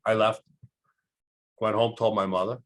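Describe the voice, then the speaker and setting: A man's voice: level tone, unhurried, fairly bright tone. A middle-aged man, a guest telling stories and acting out the voices of people in them. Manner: acts out quoted voices with big pitch jumps. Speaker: podcast guest, electrical contractor. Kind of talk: animated storytelling.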